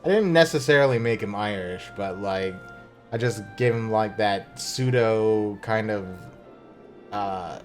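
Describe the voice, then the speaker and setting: A man's voice: fairly low pitch, a little slow. A man streaming a game, chatting casually with joking, profane asides, with faint game music behind. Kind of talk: casual gameplay commentary.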